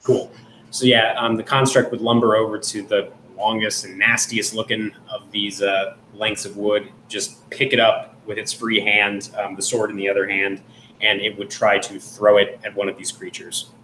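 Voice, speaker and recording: Low-voiced guy rambling through his game turn, roomy sound, slight noise. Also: little pitch movement, moderate pace, bright, forceful tone. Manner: rambling with frequent fillers and restarts. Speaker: tabletop game player. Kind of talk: casual tabletop play. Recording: roomy with faint background noise.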